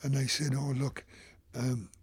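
A man's voice: medium pitch, flat delivery, a little slow, husky. An older man, telling a rambling anecdote in an interview and acting out the voices of people he quotes. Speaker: photographer. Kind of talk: anecdotal storytelling.

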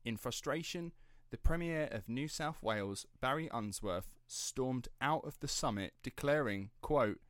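A man's voice: mid-range voice, lively intonation, unhurried, no room sound, studio quality. A man hosting a casual true-crime podcast, rambling and laughing as he drifts off script. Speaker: podcast host.

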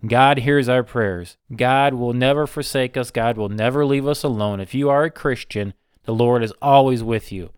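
A man preaching a Bible sermon, slow and emphatic, repeating short phrases. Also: mid-range voice, clear, resonant tone, dry recording, studio quality.

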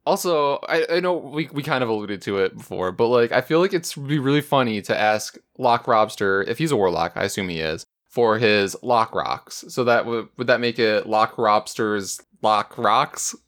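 A man on a podcast talks in a loose, rambling way and reads out a listener email. His voice sits at a middle pitch. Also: animated, moderate pace, few pauses, a bit bright. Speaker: podcast co-host. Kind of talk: casual chat, reading listener email.

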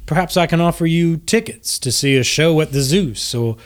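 A man's voice: a little high, moderate pace, voice pushed up, lightly acted. A man voicing an effusive, courtly male noble who heaps flowery praise on his guests during a tabletop game. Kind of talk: tabletop role-play character voice.

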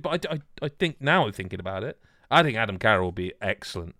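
A Welsh podcast host rambles and jokes with friends in casual banter, full of restarts. His medium-pitched voice is expressive, fast, pushed and bright, recorded clean in a studio with no echo.

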